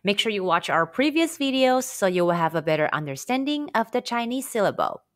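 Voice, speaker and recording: A woman teaching a scripted pronunciation lesson, drilling sounds slowly and carefully for learners to repeat. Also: medium pitch, big pitch swings. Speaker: Chinese language teacher.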